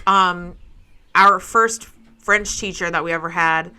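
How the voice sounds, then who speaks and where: Woman podcast co-host, supportive listener, bright crisp voice. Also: on the low side, steady tone, takes it slowly. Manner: supportive listener with frequent short agreements. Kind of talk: casual chat.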